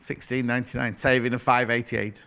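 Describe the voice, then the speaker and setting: A man's voice: medium pitch, little pitch movement, brisk, pushed and bright, clear, resonant tone. A man presenting on a shopping channel, chatting playfully in live sales patter, correcting himself and reading out prices as he goes.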